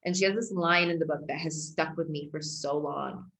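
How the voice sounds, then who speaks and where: A woman's voice: low-pitched, normal speed, vocal fry, a bit bright, rough recording. A woman who works as a spiritual and empowerment coach, speaking as a podcast guest in an emphatic, earnest way. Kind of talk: casual conversation.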